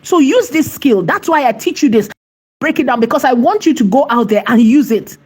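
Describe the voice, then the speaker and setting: A woman hosting a screen-share tutorial, chatty and emphatic, often repeating phrases and checking in with "right?", slowing down to dictate as she types. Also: sits high, expressive, a little mellow, breathy edge. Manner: slows to dictate while typing. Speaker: AI tutorial host.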